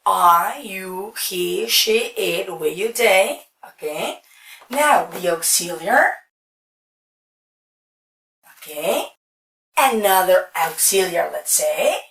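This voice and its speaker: A woman's voice: mid-range voice, animated, creaky, fairly bright tone. A woman teaching an English grammar lesson, explaining step by step and checking in often with "okay". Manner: slow, explaining step by step with frequent okays. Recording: roomy echo, distant from mic.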